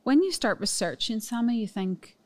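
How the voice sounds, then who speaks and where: A woman's voice: on the high side, expressive, moderate pace. Woman, chatty, upbeat, podcast host. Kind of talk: casual podcast chat.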